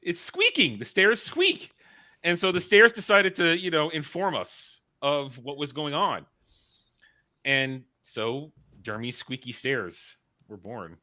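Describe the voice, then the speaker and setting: A man on a podcast panel, chatting casually and telling stories in an animated way with frequent laughter. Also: a little high, slow. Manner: animated, storytelling, laughs often. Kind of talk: casual chat.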